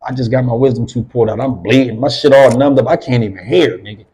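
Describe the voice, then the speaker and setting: A man's voice: mid-range voice, fast, darkish tone, rough recording. A middle-aged man, an interview guest, telling a rambling, profane story in casual talk. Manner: profane, rambling, acts out others' voices.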